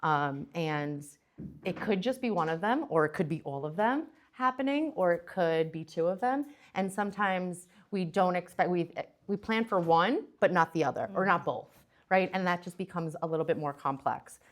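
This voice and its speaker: A woman's voice: fairly low pitch, animated, moderate pace. A young adult woman giving a casual talk as a presenter, chatty and full of fillers and restarts.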